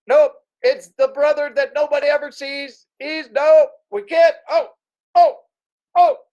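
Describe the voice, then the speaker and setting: A man's voice: extremely high pitch, level tone, measured pace, darkish tone, lo-fi sound, voice pushed up. A man voicing a flustered father, stammering and panicky as he guards a door. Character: flustered father hiding a secret.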